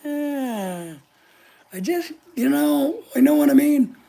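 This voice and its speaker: A woman's voice: sits high, moderate pace, vocal fry, dark tone. An older woman hosting a casual live chat, talking in a blunt, opinionated, chatty way. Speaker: channel host answering live chat.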